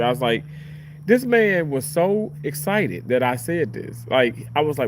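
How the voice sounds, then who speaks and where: Casual storyteller: young guy, surgical tech, lively and profane, mid-pitched everyday voice. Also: moderate pace, slight background noise. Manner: animated, chatty, swears casually.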